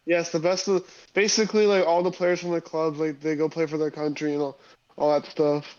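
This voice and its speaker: A young man co-hosting a sports podcast, easygoing and quick to laugh. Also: on the high side, flat delivery, a loud crowd. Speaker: podcast co-host. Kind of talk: casual sports chat. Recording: dull lo-fi mic.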